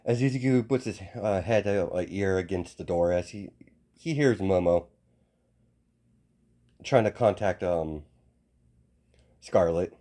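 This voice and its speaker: Guy making up a fan story as he goes, kinda low mellow voice, keeps stumbling and restarting. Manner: halting, full of restarts and self-corrections. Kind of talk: improvised fan-story narration.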